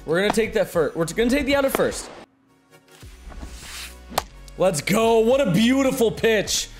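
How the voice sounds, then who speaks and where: A young man giving excitable live commentary on his own video game play, muttering one moment and shouting the next. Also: high-pitched, a little slow, soft background music. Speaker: gaming streamer.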